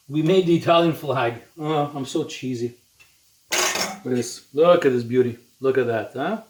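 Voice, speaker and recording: A man's voice: on the high side, recorded from a distance, noisy background. A man chatting to his viewers while he cooks at home, filling his talk with "you know". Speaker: home cook vlogger. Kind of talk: casual cooking video talk. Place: home kitchen. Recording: roomy kitchen sound, voice off-mic, loud sizzle. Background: food sizzling in a pan.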